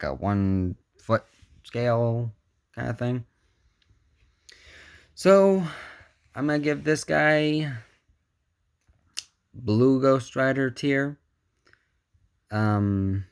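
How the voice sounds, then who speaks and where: Man, action figure reviewer, slow deliberate pace, casual chatty asides while handling the toy. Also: medium pitch, creaky, clean tone, no room sound.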